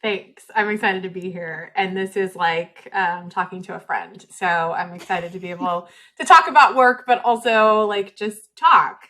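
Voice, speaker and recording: Relaxed friendly woman podcast guest. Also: medium pitch, unhurried, hardly any pauses. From Nebraska, US. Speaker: guest, education official. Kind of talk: casual interview chat.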